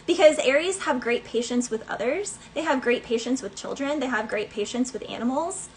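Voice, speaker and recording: A woman's voice: high-pitched, moderate pace, rough recording. A woman giving a casual tarot reading in a chatty, playful way, laughing between thoughts. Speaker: tarot reader.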